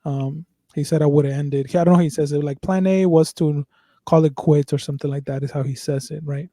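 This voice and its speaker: A man's voice: a little high, steady tone, a little fast, mellow, dry recording. A man hosting a podcast, chatting casually, rambling and swearing with lots of fillers and restarts. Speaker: podcast host.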